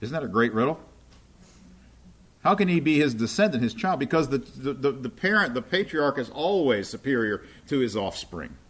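A man's voice: medium pitch, very animated, normal speed, a bit bright, breathy edge. A man preaching in a conversational teaching style, often checking in with his listeners as he explains scripture. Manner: checks in with listeners often, asking "right?" and "okay?".

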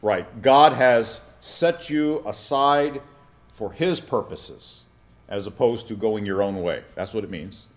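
Lower-voiced man preaching a teaching sermon. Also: takes it slowly. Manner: teaching, asks the congregation questions and checks with "all right?". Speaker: pastor.

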